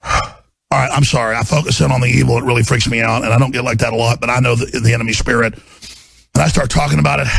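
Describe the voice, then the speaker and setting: A man hosting a broadcast talk show, delivering an impassioned rant that swings from low muttering to roaring shouts, with a gravelly, husky voice. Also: fairly even intonation, a little fast, pauses often.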